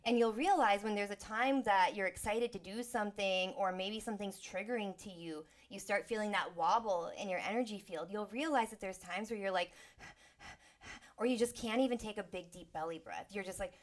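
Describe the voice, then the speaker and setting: A woman's voice: mid-range voice, moderate pace. Woman explaining energy work in casual talk. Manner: acts out inner voices with exclamations and sighs. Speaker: sound healer.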